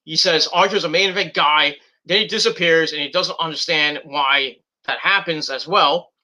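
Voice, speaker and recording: Bright-voiced man rambling through a show recap. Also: a little high, moderate pace. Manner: rambling, many fillers, paraphrases wrestlers mockingly. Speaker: wrestling show reviewer. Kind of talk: casual recap and review.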